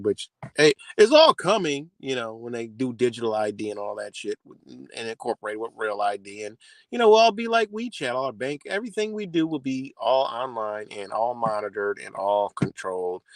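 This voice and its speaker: A man's voice: medium pitch, dry recording. A man hosting a live stream, talking loosely and profanely in casual, rambling chat. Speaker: livestream host. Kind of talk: casual rambling livestream talk.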